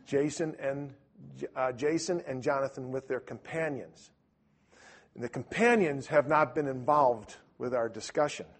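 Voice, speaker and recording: An older man telling a story casually, rambling and animated, with lots of restarts. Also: mid-range voice, breathy edge.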